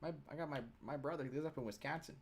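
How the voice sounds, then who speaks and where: A man's voice: a little high, rapid-fire, a little hiss or hum. A young man from Chicago co-hosting a live stream, teasing the chat in a casual, joking way. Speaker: stream co-host.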